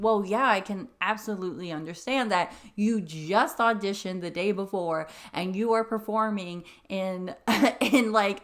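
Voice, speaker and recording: Chatty, emotional young woman reacting. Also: mid-range voice. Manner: chatty, emotional, laughs often. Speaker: musical theatre coach reacting to videos. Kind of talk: casual reaction commentary.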